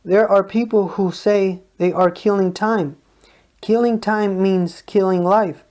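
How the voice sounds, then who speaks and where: Mellow-toned voice reading spiritual teachings, calm and measured. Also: mid-range voice. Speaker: reader of a spiritual discourse. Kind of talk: read spiritual talk.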